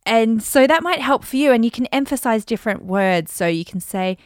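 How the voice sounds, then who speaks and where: A woman's voice: a little high, lively intonation, dry recording. Upbeat woman podcast host, dry sound. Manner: upbeat, chatty, repeats affirmations slowly for emphasis. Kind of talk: casual motivational podcast talk.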